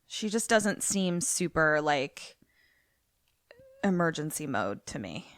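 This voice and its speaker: A young adult woman co-hosting a podcast, chatting casually and thinking out loud. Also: low-pitched, very animated, slow pace, no room sound, studio quality. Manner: chatty, reacts and guesses aloud. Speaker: podcast co-host. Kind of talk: casual chat.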